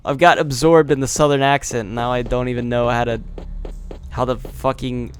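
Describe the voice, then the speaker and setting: A man's voice: medium pitch, flat delivery, normal speed, clean tone. A man commenting casually on his gameplay, rambling and swearing, laughing at himself, a little tipsy. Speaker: let's play gamer.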